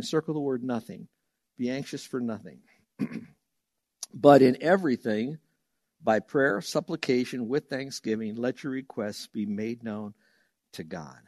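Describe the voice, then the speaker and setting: A male pastor preaching a sermon in an animated way, acting out quoted voices and laughing now and then. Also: medium pitch, no room sound, clean studio sound.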